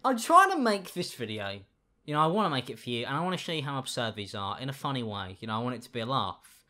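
A man giving casual reaction commentary, with sarcastic, deadpan asides. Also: mid-range voice, fast talker, faint music behind. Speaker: YouTube commentator.

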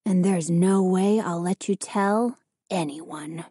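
A woman voicing a quiet, menacing ghost boy. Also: slow, husky, no room sound, studio quality. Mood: insistent. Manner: soft, low and insistent.

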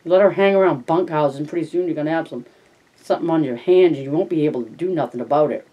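Scornful rough ranch hand, voiced by a narrator. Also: mid-range voice, fast, muffled recording, close to an everyday voice. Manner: mocking, blunt.

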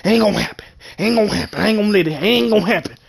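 A man commentating live on his gameplay, trash-talking in slang and bursting into shouts. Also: high voice, rapid-fire, vocal fry, husky.

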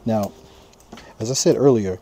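A man's voice: lowish voice, measured pace, warm tone. A man hosting a casual cooking vlog outdoors at a grill, talking straight to his viewers in a laid-back, chatty way. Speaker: cooking channel host. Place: outdoors at a charcoal grill, windy. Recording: outdoor noise of wind and popping fire. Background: wind and crackling fire.

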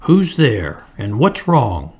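Man playing a cross, sharp-spoken elf mother; gravelly, scolding storybook read. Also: on the high side, lively intonation, normal speed. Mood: angry, scolding.

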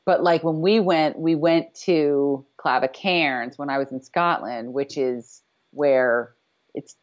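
A woman with a low, slow voice co-hosts a casual podcast recap over a video call, rambling with lots of fillers and restarts. The call audio is dull and lo-fi.

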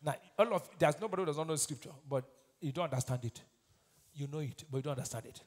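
A man preaching a fiery sermon as pastor, breaking into loud shouted peaks and reciting scripture. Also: fairly high pitch, animated, fast talker. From Nigeria. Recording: long hall reverb.

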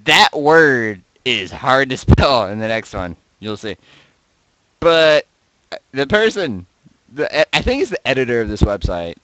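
A man casually reading and joking about viewer posts, laughing often and swinging between loud outbursts and mumbles, close to his desk mic. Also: medium pitch, sing-song, a little slow, long pauses, no room sound, poor audio. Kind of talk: casual commentary. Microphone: desk mic right beside him.

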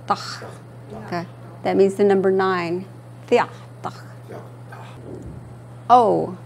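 A woman teaching a language lesson in a classroom, her delivery slow and unhurried. She patiently says each word several times over. Her pitch sits in an ordinary middle range, with faint room sound behind her. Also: gravelly, a little mellow, a little hiss or hum. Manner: slow, patient, repeats words for students. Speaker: language instructor.

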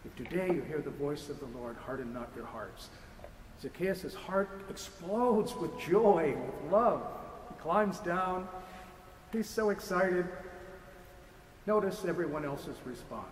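A man's voice: fairly high pitch, lively intonation, takes it slowly. A man, a priest giving a lecture sermon in a church, speaking with impassioned, repetitive rhetorical build-ups. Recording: echoey church hall with faint noise.

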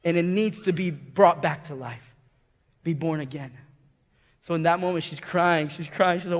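A man with a high voice preaching a sermon, his words ringing out with a long church-hall echo. He tells a story with swings from loud, excited passages down to hushed, tender asides. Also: moderate pace. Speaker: pastor. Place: church sanctuary.

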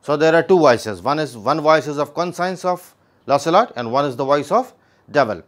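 A man walks through a classic play line by line, his voice rising and falling a great deal as he explains. It sits a little higher than most men's. After each quoted line he repeats the meaning in simple words. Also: animated, normal speed. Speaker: literature teacher.

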